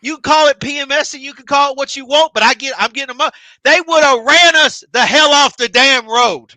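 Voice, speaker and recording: A man's voice: very high voice, brisk, no echo. A man co-hosting a casual podcast, ranting emotionally with lots of swearing. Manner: emotional, animated ranting with heavy profanity. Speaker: podcast co-host. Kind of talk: heated casual chat.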